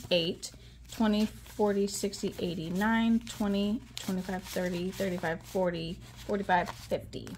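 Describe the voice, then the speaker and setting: A woman chats casually with her viewers as she counts out cash, mid-pitched and easygoing. She fills pauses with ums and reels off numbers aloud. A faint hiss sits under the voice. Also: a little mellow. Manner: chatty, counts money aloud, frequent ums. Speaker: budgeting vlogger.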